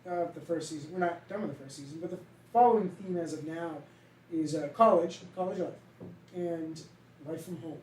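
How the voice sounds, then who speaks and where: A man's voice: fairly high pitch, a little fast, a little mellow, slight background noise. A young man from Massachusetts with a heavy Boston accent, co-hosting a casual podcast chat and rambling, swearing now and then. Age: young adult. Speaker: podcast co-host. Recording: echoey room, mic at a distance.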